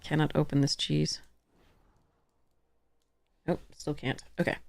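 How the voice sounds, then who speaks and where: A woman's voice: low-pitched, completely flat delivery, slow, vocal fry, darkish tone, no room sound. A woman streamer chatting casually as she plays a card game, laughing often and correcting herself. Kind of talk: casual commentary while playing a card game.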